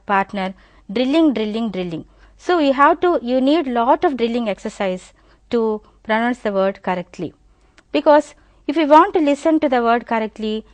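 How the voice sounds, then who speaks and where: In a classroom pronunciation lesson, a woman with a fairly high voice slowly drills each word several times. She speaks directly to her students, explaining as she goes, and the recording has no echo.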